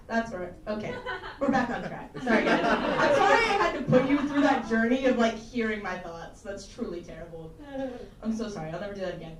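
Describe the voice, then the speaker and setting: A woman's voice: medium pitch, normal speed, slight background noise. A young woman from Tennessee doing a rambling, self-deprecating stand-up set for a small live audience, swearing often. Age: young adult. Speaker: stand-up comedian. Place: small campus comedy room, live audience. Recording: roomy, mic picked up from a distance with faint ambience.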